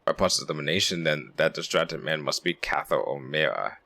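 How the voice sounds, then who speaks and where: A man's voice: extremely low pitch, fairly quick, creaky, pushed and bright. A man streaming a game, commenting casually in a chatty, profane, self-deprecating way.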